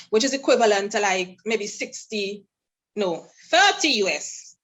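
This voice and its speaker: Speaking at a normal speed with a medium-pitched voice over a rough recording, this guest singer from St. Vincent and the Grenadines is an animated storyteller. During a casual interview she acts out what others said.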